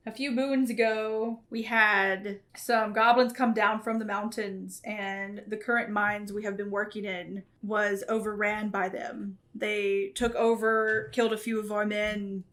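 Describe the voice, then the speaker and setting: A woman voicing a stoic, gruff male dwarf king who speaks with measured courtesy. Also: medium pitch, level tone, a bit bright, natural voice. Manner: courteous, measured royal speech.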